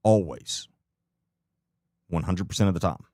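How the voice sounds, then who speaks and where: Man, low voice, dry close sound, blunt live-stream commentator; swears, repeats his questions. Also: unhurried, warm tone, no room sound.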